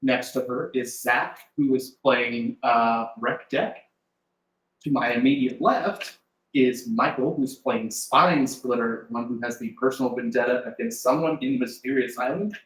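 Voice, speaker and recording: A man running a tabletop game, recapping the last session in a loose, rambling way with many hesitations and little chuckles. His voice sits at an ordinary middle pitch. The sound carries a roomy echo from the shared space around the table. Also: measured pace, fairly bright tone. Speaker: game master. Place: shared room with players at a live-streamed table. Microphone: desk mic with in-ear monitor.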